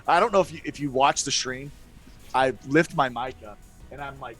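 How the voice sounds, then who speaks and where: Man, middle pitch, rambling casual talk, self-deprecating, faint music behind. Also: moderate pace, fairly bright tone. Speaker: guest player. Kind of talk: casual podcast chat.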